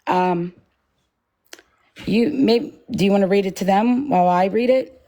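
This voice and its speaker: A woman's voice: medium pitch, measured pace, dark tone. Shaky, blunt woman livestream host. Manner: blunt, confrontational, swears freely. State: shaky, nervous. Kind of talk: heated livestream confrontation.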